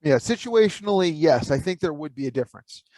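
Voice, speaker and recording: A man's voice: a little high, lively intonation, a little fast, a little mellow. Laid-back man rambling in casual chat. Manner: laid-back, rambling, thinks aloud with many fillers. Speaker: podcast co-host.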